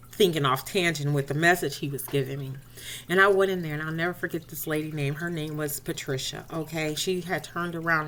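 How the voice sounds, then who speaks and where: A woman's voice: on the low side, pushed and bright. A woman speaking directly to listeners as she tells a personal faith testimony, casually and conversationally, and often replays the dialogue as she retells it. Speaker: inspirational speaker.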